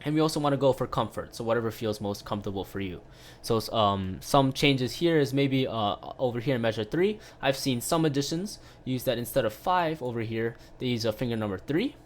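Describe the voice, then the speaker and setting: A man's voice: mid-range voice, expressive, a little fast, slight background noise. A man giving a casual online piano lesson, explaining step by step with lots of "right?" tag questions and filler sounds. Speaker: piano teacher.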